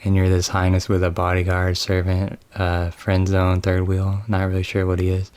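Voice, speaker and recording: A man giving a deadpan, mocking recap of a video game's opening story. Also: low voice, moderate pace, smooth, dry recording. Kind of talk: comedic sarcastic story summary.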